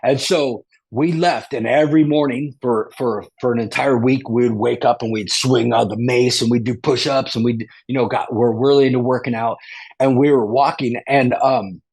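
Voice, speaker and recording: Husky man telling a rambling story. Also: mid-range voice, fairly even intonation, moderate pace, a little mellow. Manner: rambling, repeats and restarts, surfer-like slang. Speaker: guest. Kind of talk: casual storytelling.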